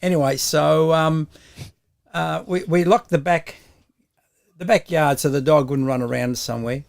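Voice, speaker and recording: An older man with an Australian accent tells a long story in a relaxed, rambling way. His voice is somewhat high and gravelly. He laughs often mid-sentence. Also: normal speed. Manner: rambling, laughs often while telling stories. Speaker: guest. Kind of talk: casual storytelling chat.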